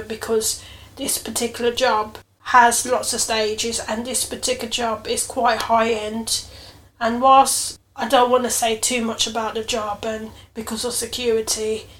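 A woman's voice: fairly high pitch, fairly bright tone. A woman hosting her own podcast, telling a personal story in an earnest, reflective way, with emotional emphasis. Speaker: podcast host.

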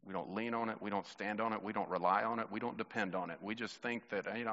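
Male pastor, bright tone, chatty sermon delivery, muffled recording from a hall with a long echo. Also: fairly low pitch, steady tone, fast, few pauses. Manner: conversational, storytelling, addresses congregation directly.

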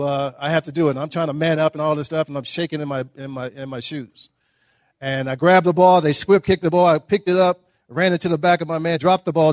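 At a breakfast event hall, a middle-aged guest speaker from Dallas, Texas gives a motivational talk, spinning humorous stories with animated energy and a drawl. His voice is a little high for a man, and the sound is close and dry with no room echo.

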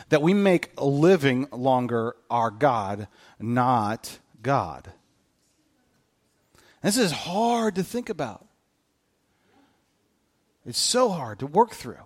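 A man in his thirties delivering a sermon as a pastor. His voice sits high and swings widely in pitch. He keeps it animated, joking and poking fun at himself. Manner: animated, joking and self-mocking.

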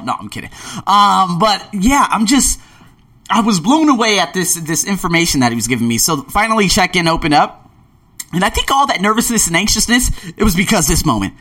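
A man's voice: sits high, big pitch swings, a little fast, pushed and bright. A man in his late twenties telling travel stories in a casual vlog, acting out scenes with gasps and little voices. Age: late 20s. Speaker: vlogger.

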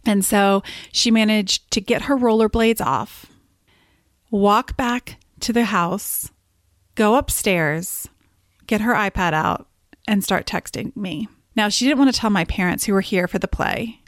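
A woman in her thirties hosting a solo podcast. She tells stories in an animated way and often laughs. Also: medium pitch, unhurried, dry recording, clean studio sound. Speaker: podcast host and business coach. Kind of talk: casual solo podcast talk.

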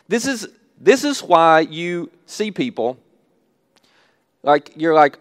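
A man preaching a sermon, telling stories with animated acted-out asides. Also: on the high side, a little slow, dry recording, studio quality. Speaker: pastor.

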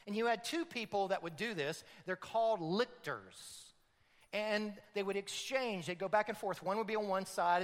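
A man preaching a sermon, dramatic and building to loud emphatic peaks. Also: high-pitched, big-room sound. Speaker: pastor.

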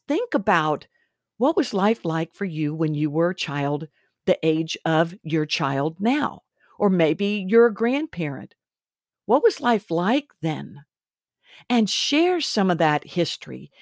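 A woman's voice: lowish voice, no room sound, clean studio sound. A woman hosting a faith and parenting podcast, talking earnestly and instructively, a little preachy. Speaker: podcast host. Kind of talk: faith-based parenting talk.

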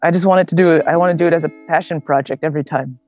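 Animated young woman, chatty, filler-heavy. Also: low-pitched, very fast, faint music behind. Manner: animated, many fillers like "like" and "man", acts out quoted voices. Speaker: interview guest, long-distance hiker. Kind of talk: casual storytelling interview.

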